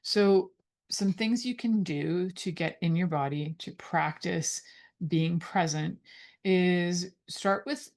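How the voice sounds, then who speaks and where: Low-voiced woman, rambling host. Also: slow, a little mellow. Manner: rambling, digressive, lots of fillers. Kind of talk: casual talk on intimacy.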